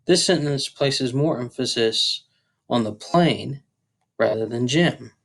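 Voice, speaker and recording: A man's voice: medium pitch, a bit bright. A man teaching a grammar tutorial, explaining step by step with a few fillers. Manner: slow, deliberate explaining with occasional fillers.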